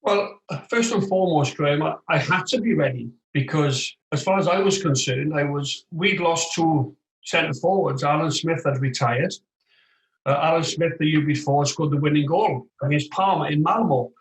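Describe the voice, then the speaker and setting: Animated storytelling man, roomy sound. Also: on the high side, moderate pace. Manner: animated, tells stories with lively quoted voices. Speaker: guest, former footballer. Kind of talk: casual interview storytelling. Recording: roomy echoey room sound.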